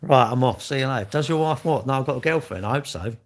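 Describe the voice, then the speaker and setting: A man's voice: medium pitch, animated, quick pace. An older man, chatting casually with viewers on a livestream, blunt and joking, swearing freely. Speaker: livestream host.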